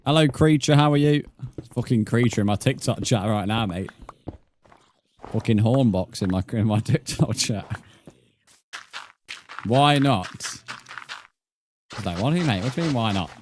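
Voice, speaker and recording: A man's voice: lowish voice, animated, measured pace, long pauses, a little mellow, slight background noise. A young man streaming a game live, bantering with his chat, swearing and laughing often. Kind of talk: casual live-stream chat while gaming.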